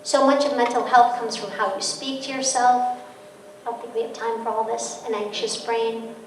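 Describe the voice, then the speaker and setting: A middle-aged woman gives an animated parenting talk, slipping into quoted voices and stories. Her voice sits a little high and sounds a bit distant, carried by a long, echoing hall reverb with faint room noise behind it. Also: moderate pace. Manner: storytelling with quoted voices and laughter. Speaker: guest speaker on parenting. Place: large hall.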